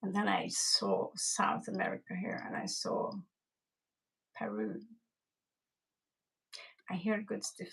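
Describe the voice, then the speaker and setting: Slow, gravelly-voiced woman reading tarot. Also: medium pitch, fairly even intonation, fairly bright tone, poor audio. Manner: rambling, chatty, greets viewers and mixes in Spanish. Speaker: tarot reader. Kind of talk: casual live-stream tarot reading.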